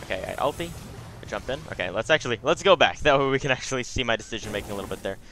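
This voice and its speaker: A man's voice: mid-range voice, animated, racing, sharp tone, a little hiss or hum. A young man giving casual, chatty commentary over his own gameplay, with frequent asides.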